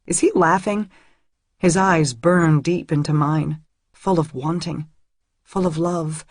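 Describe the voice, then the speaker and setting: Breathy woman narrating an audiobook. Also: low-pitched, steady tone, slow, no room sound. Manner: intimate, emotional reading. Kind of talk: first-person audiobook narration. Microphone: close studio mic.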